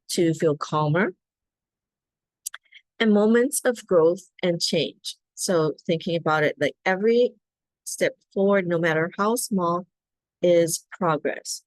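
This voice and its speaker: A middle-aged woman with a lowish voice leads a guided self-care practice in a soft, coaxing way. She checks in with her listeners often. Her voice sounds close and dry. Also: no room sound. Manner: gentle, coaxing, asks "right?" often. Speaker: wellness facilitator.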